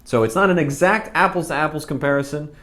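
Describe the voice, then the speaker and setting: A man's voice: a little high, quick pace, fairly bright tone. A man reviewing cafe drinks and pastries in a casual vlog, with a dry, rambling sense of humor and plenty of asides, speaking. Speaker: food vlogger.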